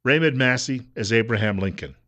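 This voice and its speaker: Brief: male talk radio host, chatty and unpolished, mid-pitched voice, studio booth. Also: fairly quick, bright, forceful tone. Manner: conversational, with frequent uh fillers and repeats. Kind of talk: casual radio commentary.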